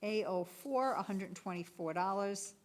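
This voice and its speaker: During a public bid opening, a woman serving as municipal clerk reads out bid prices and item codes, sounding steady and businesslike. Her pitch is medium and her speed normal.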